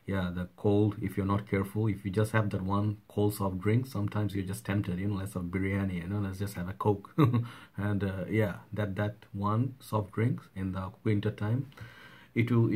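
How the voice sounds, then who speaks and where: A man, hoarse from a cold, chatting casually in a fragrance vlog, rambling with many fillers and asides. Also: on the low side, little pitch movement, normal speed, a little mellow. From Bangladesh. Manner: rambling, with frequent "uh" and "okay?". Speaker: fragrance reviewer.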